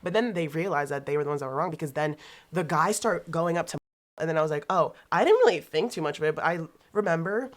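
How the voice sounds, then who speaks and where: A young woman telling a story in casual podcast chat, animated, swearing freely and acting out what people said. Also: sits low. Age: young adult. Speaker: podcast guest.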